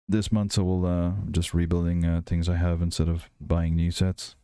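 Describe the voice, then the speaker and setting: A man with a softened Irish accent, chatting casually and rambling as a livestream host. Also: low voice, normal speed, clear, resonant tone, no echo, clean studio sound. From Ireland. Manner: rambling, relaxed, many fillers and restarts. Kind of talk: casual chat while building and reading chat.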